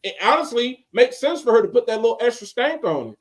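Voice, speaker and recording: Man, podcast co-host, casual chat, animated, rambling, restarts sentences. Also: very high-pitched, fast talker.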